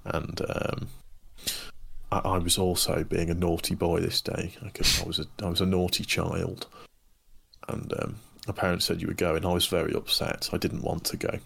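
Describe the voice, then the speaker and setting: A man's voice: deep voice, level tone, moderate pace, vocal fry, a bit bright, husky. A man telling a childhood story in casual chat, with laughter breaking in.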